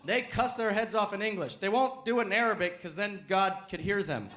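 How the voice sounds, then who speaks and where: A man from the United States doing a stand-up comedy set with punchy, animated delivery and sudden shouts, on stage before a live audience. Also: sits high, a little fast. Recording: live show with loud crowd and noise.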